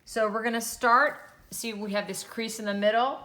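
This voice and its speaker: A woman teaching a children's drawing lesson, gently talking through each step as she draws. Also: on the high side, steady tone, normal speed. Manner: gentle, encouraging, talks while drawing. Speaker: art teacher.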